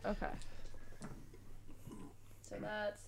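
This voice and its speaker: A woman playing in a tabletop role-playing game, speaking slowly and counting totals aloud. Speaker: player. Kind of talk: casual chat at a game table.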